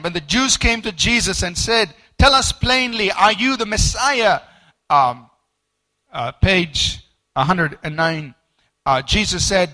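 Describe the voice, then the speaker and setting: A male preacher teaches a sermon from a study book, his voice high and ringing bright. He grows animated as he acts out quoted speakers, and he stumbles through repeated words and fillers along the way.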